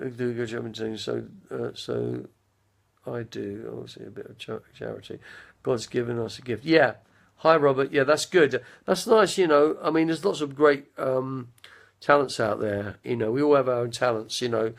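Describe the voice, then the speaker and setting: A man's voice: medium pitch, vocal fry. A man in his fifties chatting casually on a live stream from home, rambling through anecdotes and trailing off to recall names. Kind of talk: casual chat.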